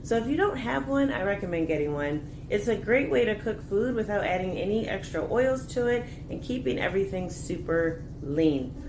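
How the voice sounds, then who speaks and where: A woman's voice: mid-range voice, lively intonation, moderate pace, hardly any pauses, noisy background. A woman hosting a casual food label review in her kitchen, chatty with jokey asides. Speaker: fitness and nutrition channel host. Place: home kitchen.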